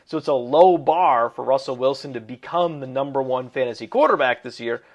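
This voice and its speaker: A man's voice: medium pitch, expressive, fairly quick, highs cut off. A man co-hosting a fantasy football podcast in casual chat, wisecracking and emphatic, fond of puns. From Italian heritage.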